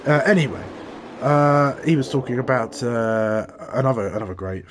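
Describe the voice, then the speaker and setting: Dude co-commentating a sim race, rambles through stories, lots of restarts, hissy noise. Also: male voice, mid-range voice. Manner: rambling storyteller, halting restarts. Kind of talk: live race commentary with anecdotes.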